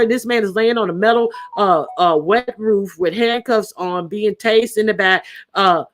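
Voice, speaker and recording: A woman's voice: medium pitch, normal speed. A woman hosts a casual live stream. She talks bluntly and animatedly, often restarting her sentences as she goes. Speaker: channel host.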